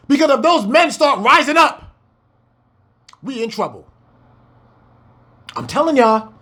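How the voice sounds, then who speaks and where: A man's voice: very high voice, expressive, unhurried, long pauses, pushed and bright. A man preaching a fiery scripture breakdown, firing rhetorical questions and swearing as he exclaims.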